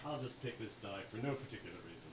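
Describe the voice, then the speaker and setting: A man running a tabletop game as dungeon master, chatty and quick with asides, often laughing. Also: on the low side, lively intonation, husky. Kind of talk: narrating a tabletop game on a livestream.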